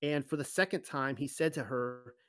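A man's voice: medium pitch, fairly even intonation, moderate pace, no room sound. A man reading a scripture passage aloud as a Bible teacher and breaking off into conversational comments. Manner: conversational asides between readings.

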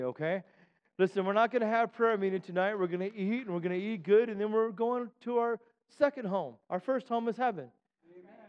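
A man preaching a sermon as pastor in a church, urging the congregation to respond and rising into loud chanted shouts. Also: high voice, smooth, in a large hall, muffled recording. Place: church sanctuary.

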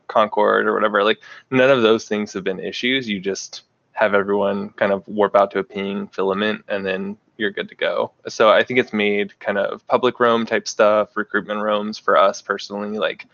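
A man's voice: on the low side, creaky, fairly bright tone, no echo. A man chatting casually as a podcast guest, filling his talk with "like". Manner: chatty, lots of "like" fillers. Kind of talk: casual chat. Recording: dull, dry lo-fi audio.

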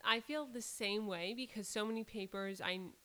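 A woman's voice: mid-range voice, moderate pace, a bit bright. Young woman in her twenties, chatty and self-mocking, casual chat with dramatic quotes. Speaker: law graduate.

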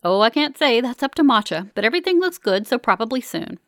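A woman's voice: on the high side, sing-song, quick pace, no room sound, studio quality, pitched above the performer's own voice. A woman voicing a relentlessly cheerful young female hospital technician in an audiobook, with a sing-song manner. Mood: chirpy.

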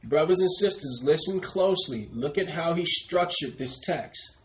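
A man's voice: fairly high pitch, expressive, moderate pace, poor audio. A man preaching a sermon, repeatedly addressing his listeners as brothers and sisters and calling on a reader to repeat verses.

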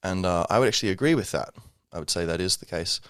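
A man's voice: low voice, quick pace, fairly bright tone, smooth, no room sound, studio quality. A man hosting a casual solo podcast, rambling with many fillers and self-corrections. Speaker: podcast host.

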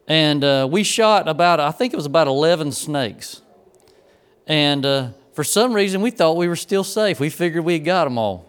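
A preacher spins a folksy tale from the pulpit in a slightly high, smooth and clear voice. The man tells it like a storyteller and builds toward the lesson. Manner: folksy storyteller, grows excited and laughing in the funny parts. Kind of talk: sermon with a personal story.

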